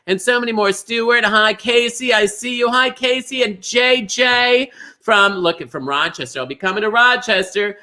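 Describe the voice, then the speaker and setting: Host man, high and very bright voice, gushing and chatty, greets fans one by one. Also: moderate pace. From Minnesota. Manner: gushing, greets viewers by name. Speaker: bingo show host. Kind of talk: chatty livestream hosting.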